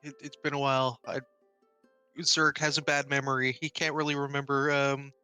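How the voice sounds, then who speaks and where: A man player speaking in a halting, hesitant way during a tabletop game. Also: mid-range voice, flat delivery, sharp tone, clear, resonant tone, soft background music. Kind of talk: casual tabletop game chat.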